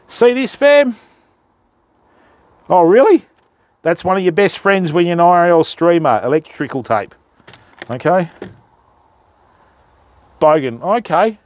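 Australian man, live streamer, high-pitched, dry close sound, relaxed matey chat with viewers. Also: measured pace, pauses often, no echo. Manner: chatty, matey, addresses viewers as fam. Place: outdoors at night by the water in rain.

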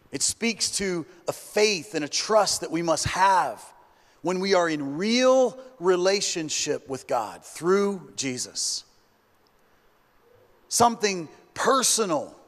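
Male pastor preaching in a church, high voice, slow measured delivery, echoing sanctuary reverb. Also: very animated. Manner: earnest, slow, dropping to hushed tones when quoting scripture. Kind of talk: sermon. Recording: long church hall reverb.

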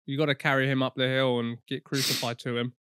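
Bright, crude-joking male podcast host. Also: mid-range voice, level tone, smooth, no room sound, studio quality. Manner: crude, joking, quick banter. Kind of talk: casual comedy chat.

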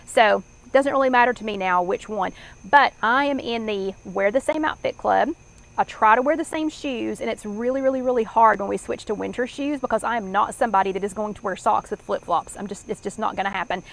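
Brief: middle-aged Southern woman, live online chat host, chatty and rambling, mid-pitched. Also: fairly quick, vocal fry, low-quality recording. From American South. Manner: rambling, chatty, many fillers and restarts.

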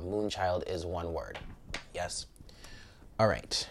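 Blunt, cursing American tarot reader, low voice. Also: male voice, a little slow, slight background noise. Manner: blunt and cursing, laughing and exclaiming often. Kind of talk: casual tarot reading.

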